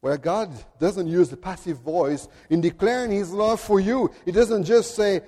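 A man's voice: high-pitched, mellow. French-accented male preacher in a hall. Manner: earnest, deliberate, addresses children directly. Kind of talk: sermon. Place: church.

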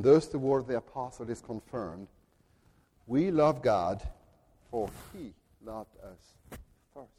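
A man with a French accent preaching a sermon in an earnest, deliberate way, at times speaking directly to children. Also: on the high side, lively intonation, dark tone, big-room sound. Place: church.

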